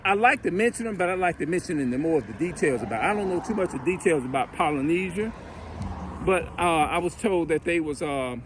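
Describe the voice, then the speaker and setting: High-voiced man rambling casually outdoors. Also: background noise. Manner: rambling, conversational, acts out greetings. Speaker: religious commentator. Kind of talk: casual monologue.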